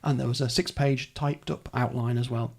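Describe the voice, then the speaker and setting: A man's voice: medium pitch, fairly even intonation, fairly quick, gravelly. A man hosting a casual podcast chat, rambling through details in a chatty way. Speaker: podcast host. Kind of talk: casual book-club chat.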